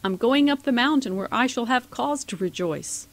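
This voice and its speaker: A woman's voice: a little high, normal speed, pitched above the performer's own voice. A woman voicing a hillbilly boy who speaks steadily and with determination. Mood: determined. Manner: steady medium-sized voice.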